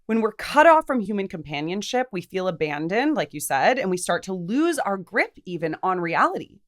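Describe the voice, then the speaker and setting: Lively woman podcast co-host. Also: mid-range voice, moderate pace. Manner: lively, thoughtful, frequent fillers. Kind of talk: casual philosophical discussion.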